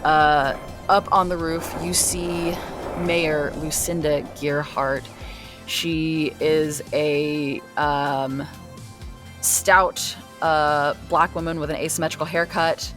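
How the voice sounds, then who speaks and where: A woman's voice: low-pitched, little pitch movement, slow pace, over music. A woman running a tabletop role-playing game as game master, narrating in a rambling way with lots of fillers and restarts. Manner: rambling with many fillers and restarts, searching for words.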